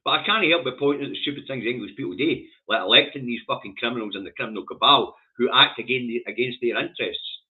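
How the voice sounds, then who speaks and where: A man's voice: mid-range voice, fast, few pauses. Sweary Scottish man ranting, tinny sound. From Scotland. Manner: sweary, scornful, animated ranting. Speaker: host of a news review stream. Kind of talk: ranting newspaper review. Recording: tinny phone-like audio.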